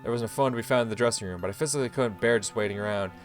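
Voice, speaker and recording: A man's voice: lowish voice, very fast, soft background music. A man hosting a game playthrough, reading the story aloud expressively with swearing asides. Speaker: let's play host.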